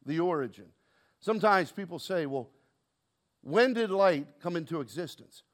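A man's voice: high voice, expressive, moderate pace. A man preaching a sermon to his congregation, asking rhetorical questions and calling for responses. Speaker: pastor.

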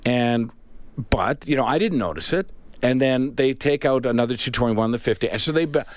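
A man's voice: medium pitch, lively intonation, moderate pace. A man co-hosting a radio talk show, telling a story casually and acting out both sides of the conversation.

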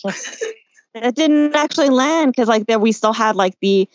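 A woman hosting a casual talk show over a video call, relaxed and full of fillers. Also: fairly high pitch, moderate pace, muffled recording. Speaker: host. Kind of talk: casual online chat.

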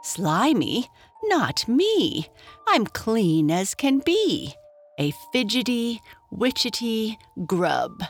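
A woman's voice: a little high, wildly swooping pitch, drawn-out words, faint music behind, pitched above the performer's own voice, full character voice. A woman voicing a tiny, fussy, well-spoken male grub in a read-aloud storybook. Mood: prim.

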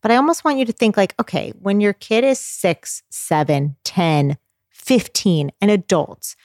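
A woman in her thirties talking as a guest, explaining child feeding in an earnest, animated way. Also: medium pitch, measured pace, no room sound, clean studio sound. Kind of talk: casual advice chat.

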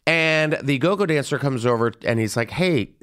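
A young man telling a story in a casual podcast chat, animated and gossipy, jumping into high squealing voices when he quotes people. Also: normal speed, smooth. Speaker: podcast host.

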